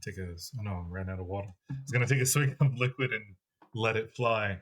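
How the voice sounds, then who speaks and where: A man's voice: fairly low pitch, a little fast, fairly bright tone. A man co-hosting a casual tabletop gaming podcast, talking eagerly and laughing often as he works through ideas aloud. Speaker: game master, podcast co-host.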